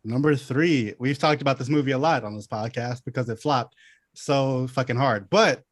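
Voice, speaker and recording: Man, podcast co-host, mid pitch, enthusiastic and profane, dry recording. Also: normal speed, no room sound. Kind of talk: casual chat.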